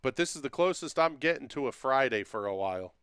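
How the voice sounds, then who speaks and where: Male stream host, casual and jokey, smooth voice, dry close mic. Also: mid-range voice, expressive, a little fast, a bit bright, no echo. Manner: joking, drawling, talks to viewers by name. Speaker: livestream host. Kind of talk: casual livestream chat reading comments.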